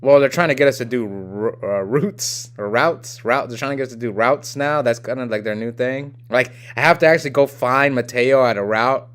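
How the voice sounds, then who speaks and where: A man's voice: mid-range voice, fairly quick, hardly any pauses, a bit bright, clean tone. A young man from the United States hosting a live game stream, chatting casually and reading viewer comments aloud in a rambling way. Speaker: livestream host.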